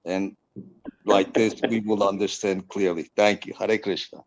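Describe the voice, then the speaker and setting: A man's voice: fairly low pitch, fairly even intonation, unhurried, muffled recording. A man asking a polite question in an online class, stammering and hesitant.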